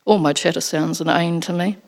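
In a brisk, expressive storytelling style, a woman narrates a first-person audiobook tale in a fairly low-pitched voice.

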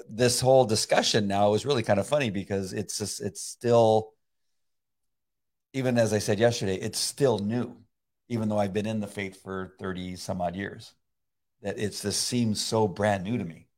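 A middle-aged man chatting casually about faith, rambling with many halting restarts and frequent laughs. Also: lowish voice, fairly even intonation, a little mellow. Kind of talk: casual conversation.

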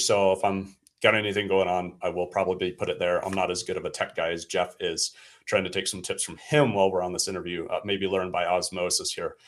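A man's voice: deep voice, a bit bright. A man who works as an alignment coach, speaking as a podcast guest in an earnest, reflective way and often correcting himself mid-sentence. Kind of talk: conversational interview.

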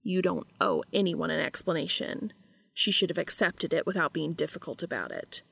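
A woman reading a storybook part as a reserved, formal grown man who speaks low and hushed, sometimes in a whisper. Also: normal speed, gravelly, husky, heavily acted. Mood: earnest. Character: reserved, formal adult man, quietly protective.

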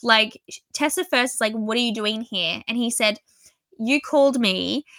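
A young woman chatting casually about a story, animated and exasperated, saying "like" a lot. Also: on the high side, moderate pace, no echo. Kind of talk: casual book discussion chat.

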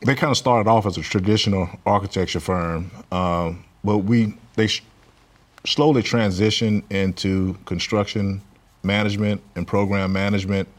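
A man from Louisiana speaks in a very low voice as a guest on an interview show. He answers haltingly, filling gaps with frequent pauses. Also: steady tone. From Louisiana, USA. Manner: halting, many filler pauses. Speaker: guest, construction business owner.

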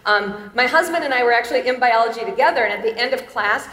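A woman's voice: fairly high pitch, fast talker, fairly bright tone. A woman in her fifties giving a chapel talk, chatty and self-deprecating, laughing often as she tells personal stories. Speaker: chapel speaker. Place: large hall. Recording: echoey hall with long reverb.

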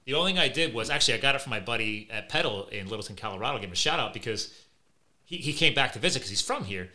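Bright sharp-voiced guy hosting a podcast, animated and chatty, tells lots of stories. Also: mid-range voice, racing. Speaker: podcast host. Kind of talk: casual conversation.

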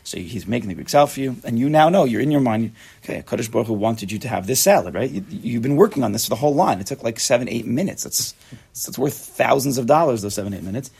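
A man's voice: medium pitch, animated, quick pace, gravelly, a little mellow, husky. A man giving a casual, chatty Torah class, joking and mixing Hebrew and Yiddish terms into his talk.

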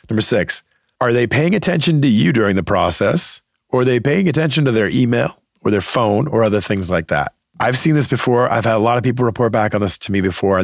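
A man's voice: fairly low pitch, gravelly, no room sound, clean studio sound. A middle-aged man from the Boston area hosting an advice podcast, talking emphatically and conversationally and acting out the people he quotes. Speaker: podcast host giving career advice.

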